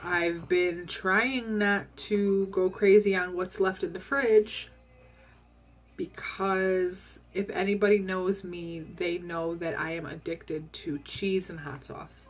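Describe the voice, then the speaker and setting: Chatty woman, slightly low voice. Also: fairly even intonation, slow pace. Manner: chatty and candid, with frequent ums and yawns. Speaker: vlogger sharing a diet update. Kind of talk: casual chat.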